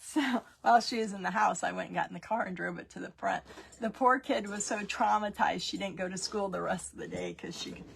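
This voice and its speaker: A woman's voice: medium pitch, brisk, vocal fry, husky. A woman in her fifties, a grandmother, chatting and rambling through a DIY craft tutorial and laughing often as she tells family stories.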